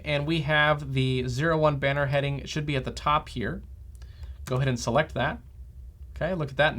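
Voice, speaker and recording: Guy doing a dev screencast walkthrough, bit higher voice, keeps saying okay?. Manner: steady instructor pace, frequent "okay?" check-ins. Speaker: developer trainer. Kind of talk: software screencast tutorial.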